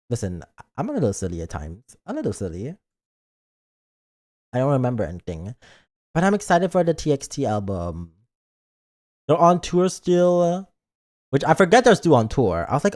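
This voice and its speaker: A man's voice: on the high side, big pitch swings, moderate pace, pauses often, darkish tone. A man streaming live and chatting casually, playful and dramatic, acting out his own thoughts aloud. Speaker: virtual streamer.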